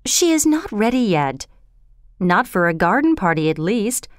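A woman voicing a stern, kindly older society mother with a sharp, scolding way of speaking, in a storybook reading. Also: medium pitch, very animated, moderate pace, dry recording, clean studio sound, lightly acted.

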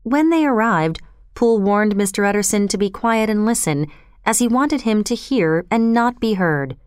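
A woman narrating a classic storybook in a steady, deliberate reading. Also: mid-range voice, clean tone, no echo, clean studio sound. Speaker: audiobook narrator. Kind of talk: scripted narration.

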